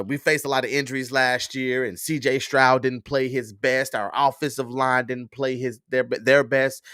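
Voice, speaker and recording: A man's voice: medium pitch, a bit bright, dry recording, studio quality. Stuffy-nosed man chatting on a livestream. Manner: chatty, talks straight to viewers, restarts and fillers. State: stuffy nose. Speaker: livestream host. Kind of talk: casual livestream chat.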